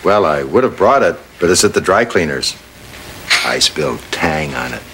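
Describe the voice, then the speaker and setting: A man's voice: very deep voice, sing-song, normal speed, noisy background. An older man guest-starring in a 1980s sitcom, friendly and dry with his jokes.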